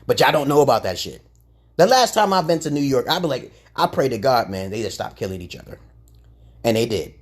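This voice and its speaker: Swearing and confrontational, a husky-voiced man rants through his livestream monologue, jumping from loud blowups to quiet muttering. He's very animated and speaks a little fast.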